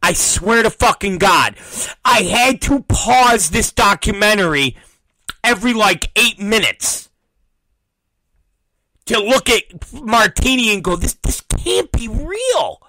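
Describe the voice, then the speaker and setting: Animated high-voiced profane male host. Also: takes it slowly, pauses often, no echo, poor audio. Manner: profane, acts out quoted voices. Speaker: podcast host. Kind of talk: animated storytelling rant.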